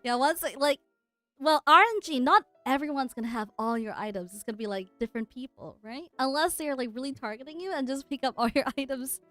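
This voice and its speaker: A woman's voice: high voice, expressive, fairly quick, a bit bright, no echo, faint music behind. A woman running a murder mystery tabletop game as game master, laughing often as she talks.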